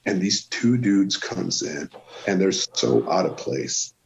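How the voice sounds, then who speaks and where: Low-voiced Swedish man telling a story. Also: very animated, slow, vocal fry, a little hiss or hum. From Sweden. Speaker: guest musician. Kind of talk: casual storytelling. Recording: dull lo-fi sound.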